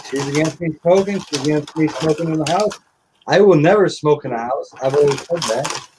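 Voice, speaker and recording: Man, middle-aged, casual live-stream chat, profane, blunt, slightly high voice. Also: brisk, noisy background.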